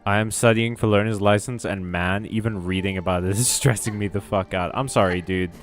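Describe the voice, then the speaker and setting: Man, lowish voice, casual game-stream chat, rambling, self-deprecating, swears a lot, faint music behind. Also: fairly even intonation, a little fast. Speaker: VTuber streamer.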